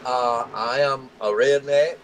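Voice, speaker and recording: Folksy deep-Southern Alabama man. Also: fairly even intonation, slow pace, a little hiss or hum, rough recording. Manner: folksy, drawling, laughs easily. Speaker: race commentator. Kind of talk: casual race broadcast commentary.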